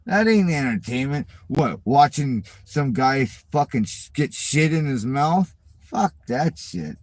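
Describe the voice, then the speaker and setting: A man's voice: medium pitch, very animated, slow, dry recording. Middle-aged male channel host, casual profane rant, mocking and exasperated, dry close sound. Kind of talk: casual rant at viewer comments.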